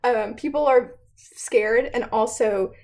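A young woman with a slightly high voice talks through history in a loose, chatty way. She leans on fillers and laughs often. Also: slow, a little mellow. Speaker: student presenter. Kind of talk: casual history explainer.

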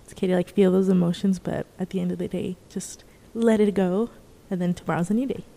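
A woman's voice: on the low side, fairly even intonation, fast, vocal fry, dark tone, long reverb tail. A young woman in casual chat as a podcast co-host, chatty and encouraging. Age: young adult.

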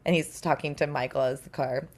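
A woman voice actor chatting casually, telling lively stories and mimicking the people she quotes. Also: a bass voice, a little fast. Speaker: podcast guest, voice actor. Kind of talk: casual chat. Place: recording studio.

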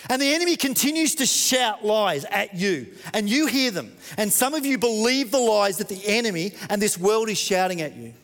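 A man preaching a sermon as pastor, dramatic and moving between loud and hushed. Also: sits high, expressive, normal speed, hardly any pauses, in a large hall.

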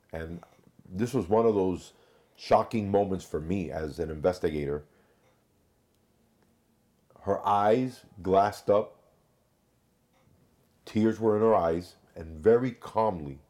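A former investigator talks through a hard case in a measured, conversational way. His voice sits very low, with a dark and mellow tone. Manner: measured, recounts cases with quoted dialogue. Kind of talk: conversational storytelling.

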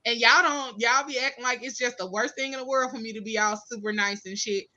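Bright, blunt woman host. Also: fairly high pitch, fairly quick, muffled recording. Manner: blunt, profane, laughing. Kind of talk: casual chat.

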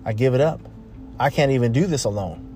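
A man's voice: medium pitch, lively intonation, a little fast, dark tone, soft background music. A man hosting a podcast, talking casually and emphatically, repeating phrases and restarting sentences. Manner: repetitive, emphatic, rambling with restarts. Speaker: podcast host. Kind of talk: casual motivational monologue.

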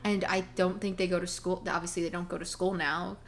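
A woman co-hosting a podcast, telling stories in a casual, animated chat full of fillers. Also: fairly low pitch, brisk. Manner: chatty, animated storytelling with many fillers. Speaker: podcast co-host.

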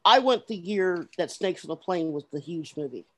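A woman co-hosting a podcast, telling convention stories with excitement in casual chat. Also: fairly low pitch, normal speed. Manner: excitable storyteller. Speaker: podcast co-host.

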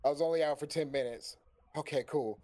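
Male storyteller, slightly high pitch, animated and profane, plays out the dialogue of his own anecdote. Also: a little fast. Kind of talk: casual storytelling on a stream.

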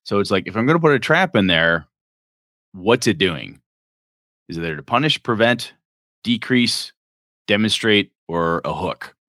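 A man's voice: fairly low pitch, lively intonation, unhurried, long pauses, bright, forceful tone, dry recording, clean studio sound. A man co-hosting a podcast, chatting casually and rambling about role-playing games as he thinks aloud. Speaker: podcast co-host.

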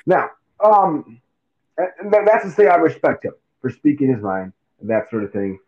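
A man co-hosting a casual sports chat, animated and acting out quotes in silly voices. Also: a little high, moderate pace. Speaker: podcast co-host. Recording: tinny phone-like mic.

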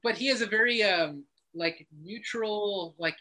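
American guy, bright voice, swears a lot, laughs through his story. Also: high-pitched, unhurried. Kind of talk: casual video-call interview.

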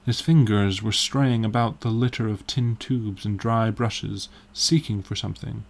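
A man narrating a story as an audiobook, reading in a measured and expressive way. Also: on the low side, creaky.

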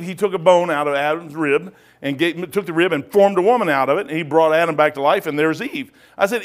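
A man, a pastor teaching a casual Bible study in a folksy storytelling way. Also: high-pitched. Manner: folksy storytelling, acts out quoted dialogue.

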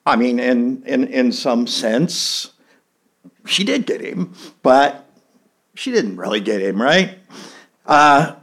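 A man's voice: medium pitch, lively intonation, takes it slowly, pauses often, fairly bright tone, slightly rough. A middle-aged man preaching a sermon in a folksy, conversational way, with an easy joke and many small fillers. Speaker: pastor.

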